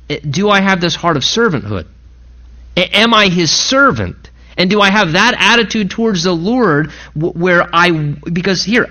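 A middle-aged man preaching a sermon, earnestly quoting scripture with dramatic pauses. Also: sits high, pushed and bright, lo-fi sound. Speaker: pastor.

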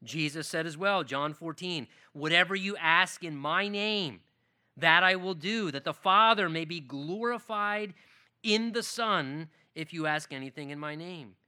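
A man's voice: fairly high pitch, unhurried, bright, forceful tone, clean tone. A middle-aged man preaching a sermon in an earnest manner, sometimes acting out little dialogues. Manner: earnest preaching, acts out dialogue with rising intensity. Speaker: pastor.

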